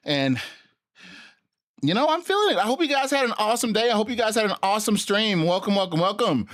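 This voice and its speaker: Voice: medium pitch, sing-song, a little fast, pauses often, fairly bright tone. A live streamer chatting casually to viewers while out of breath from exercising, sighing and puffing between sentences.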